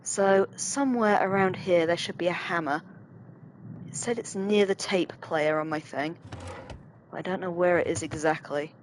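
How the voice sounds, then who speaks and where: A woman's voice: lowish voice, normal speed, a little hiss or hum, poor audio. Chatty woman playing a game. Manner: chatty, self-deprecating, thinking aloud. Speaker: let's play host. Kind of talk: casual gameplay commentary.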